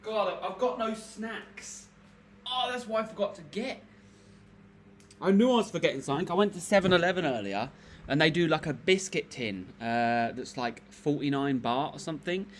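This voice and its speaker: A man's voice: on the high side, normal speed, a little hiss or hum. A man hosting a laid-back livestream, chatting to viewers on a laptop mic while he works at his computer. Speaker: livestream host. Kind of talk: casual livestream chat. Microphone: laptop microphone.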